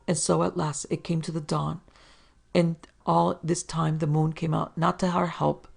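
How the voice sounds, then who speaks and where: Very gravelly woman reading a horror tale. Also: low voice. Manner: steady, measured reading of old-fashioned prose. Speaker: podcast narrator. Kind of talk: scripted horror story narration.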